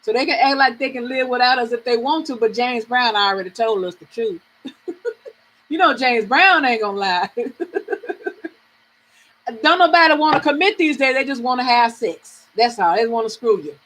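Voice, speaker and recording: A middle-aged woman from the American South talks frankly with viewers on her live reading stream. Her voice sits high and bright, she swears easily and laughs a lot. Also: brisk, a little hiss or hum, low-quality recording. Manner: frank, animated, swearing freely, laughing often.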